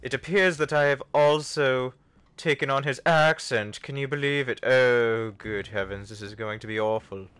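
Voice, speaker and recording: A man's voice: mid-range voice, normal speed, a bit bright, smooth, no room sound, close to an everyday voice. A man voicing a prim, fussy male butler in a put-on British accent, with posh, formal, apologetic phrasing. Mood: flustered prim.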